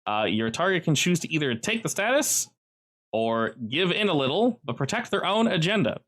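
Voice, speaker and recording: A man narrates a tabletop role-playing session as game master. He explains the rules patiently and laughs often. His pitch swings widely. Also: very animated, normal speed, a bit bright.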